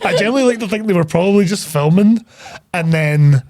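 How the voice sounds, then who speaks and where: A man's voice: sits high, animated, brisk, a little mellow, no room sound, clean studio sound. Swearing, laughing man recapping a film. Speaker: podcast co-host. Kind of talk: casual film-discussion podcast.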